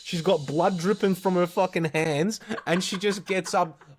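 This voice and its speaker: An Australian man in his thirties co-hosting a casual podcast, with a slightly high voice. He tells stories in an animated way and swears constantly. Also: unhurried, a little hiss or hum. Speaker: podcast co-host. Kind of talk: casual storytelling chat.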